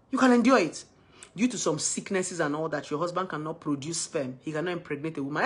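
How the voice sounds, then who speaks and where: A woman speaking in a casual monologue about relationships, her voice husky and a little breathy. She talks emphatically, jumping from loud exclamations to soft, low asides. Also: very animated, fast. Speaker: relationship advice vlogger.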